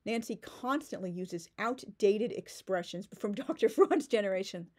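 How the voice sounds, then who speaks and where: A woman's voice: mid-range voice, animated, moderate pace, a little mellow. A woman ranting in a book-critique vlog, sarcastic and indignant, with many "like" fillers and restarts.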